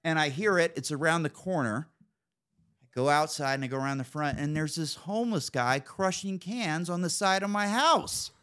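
A man's voice: on the high side, moderate pace, pushed and bright, clean tone. Profane storytelling podcast guy. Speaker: podcast host. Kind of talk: casual storytelling chat.

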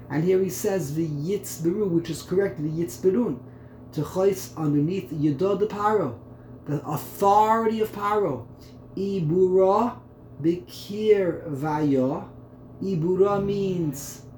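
This man's voice sits on the high side with a dark tone. He is a Torah teacher working through the terms of a text study lesson, repeating words as he thinks aloud, recorded in an echoey room with a faint background hum.

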